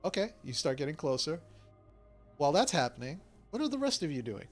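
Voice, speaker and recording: A man's voice: fairly high pitch, fairly quick, soft background music. Easygoing man running a tabletop game. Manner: filler-heavy, relaxed storytelling. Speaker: game master.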